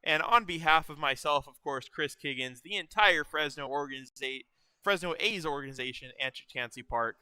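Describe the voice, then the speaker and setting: Male team broadcaster, upbeat postgame sign-off, bright clear voice. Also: fairly high pitch, normal speed, dry recording, rough recording. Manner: upbeat, thankful announcer wrap-up. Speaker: broadcaster for a summer baseball team. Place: ballpark.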